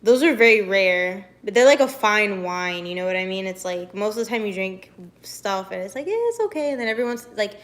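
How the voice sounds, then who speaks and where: A woman's voice: mid-range voice, a little fast, a bit bright. A young woman streamer in casual live-stream chat, bubbly and rambling, with lots of "like". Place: home, walks to the kitchen.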